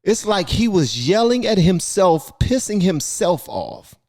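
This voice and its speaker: A man's voice: sits high, unhurried. A man hosting a reaction video, talking casually and in disbelief about a clip. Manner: incredulous, animated.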